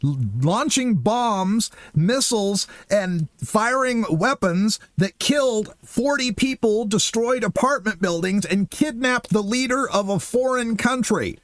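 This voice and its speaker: Animated, sarcastic male political ranter. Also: sits high, a little slow, dry recording, studio quality. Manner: sarcastic, incredulous, animated ranting. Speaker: political commentary show host.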